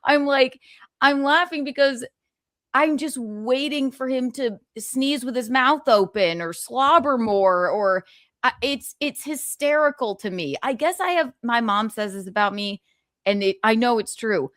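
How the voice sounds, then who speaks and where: A woman's voice: fairly high pitch, measured pace, no echo, clean studio sound. A woman in a casual gossip chat, telling stories with laughter and acting out quoted lines. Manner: laughing, animated storytelling with mimicked quotes. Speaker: stream guest.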